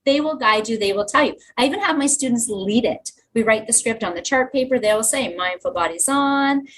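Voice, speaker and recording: Eager woman, fairly high voice. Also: brisk, slight background noise, rough recording. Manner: enthusiastic storytelling, lively asides. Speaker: teacher and guest. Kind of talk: podcast interview.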